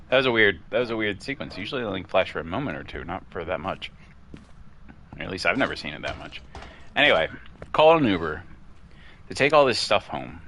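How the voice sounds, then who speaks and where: A man chatting casually over gameplay, telling a long story in a rambling, excitable way and getting worked up as he goes. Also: sits low, a little hiss or hum. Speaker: gaming streamer.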